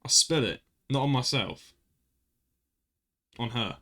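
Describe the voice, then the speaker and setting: A young man with a mid-range voice speaks slowly while hosting a casual podcast chat. He tells a story as an animated storyteller, constantly interrupting himself and restarting.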